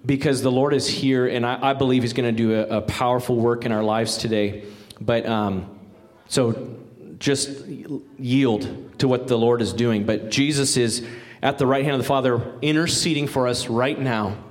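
A man's voice: medium pitch, steady tone, normal speed. A male pastor giving a sermon in a folksy, conversational way with joking asides. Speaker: guest pastor. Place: church sanctuary.

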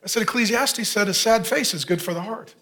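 A man with a high voice delivers a sermon as a pastor. He speaks earnestly and conversationally, and he keeps turning to the congregation with direct questions. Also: a little fast, pushed and bright.

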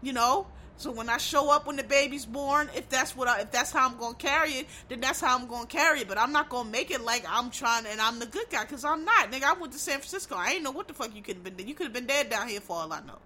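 A woman talking straight to camera about films, blunt and swearing freely, with plenty of emphatic repetition and rambling side-thoughts. Her voice sits a bit high and has a bright, sharp edge. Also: lively intonation, fast, few pauses, a little hiss or hum. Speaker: vlogger reviewing films and shows. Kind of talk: casual opinionated commentary.

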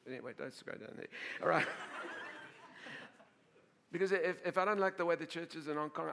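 A man preaching to his congregation in a bright, slightly high voice. He tells his story in an animated way, with frequent laughter and words he repeats and restarts as he builds to excited peaks. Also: gravelly. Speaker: pastor. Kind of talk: sermon with storytelling.

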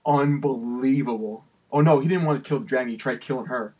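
A young man in casual chat with a husky voice, laughing often, swearing a lot and rambling. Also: medium pitch, a little fast, mellow. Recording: voice a bit far from the mic.

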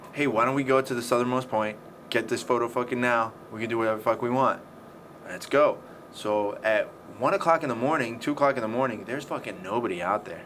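A man's voice: fairly low pitch, fairly bright tone. A man telling a story in casual chat, swearing often and acting out the scenes. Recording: faint background noise.

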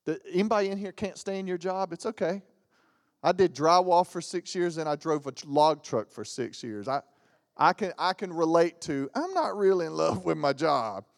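A gravelly, slightly high-voiced man speaks at a moderate pace, the big room giving his voice a spacious sound. He's a Southern guest pastor in his 40s, spinning funny stories and doing voices during a lively church sermon.

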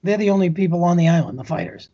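A man co-hosting a casual podcast chat, tossing out quick jokey quips. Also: on the high side, lively intonation, warm tone, husky, dull audio. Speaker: podcast co-host.

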